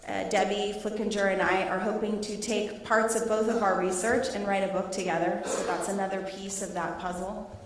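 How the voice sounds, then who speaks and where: A middle-aged woman, a teacher, presenting her research to students and taking questions in a lively, laughing way. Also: medium pitch, moderate pace, hardly any pauses, slight background noise. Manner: animated, laughing storyteller. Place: large echoey hall. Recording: echoey hall, voice from a distance.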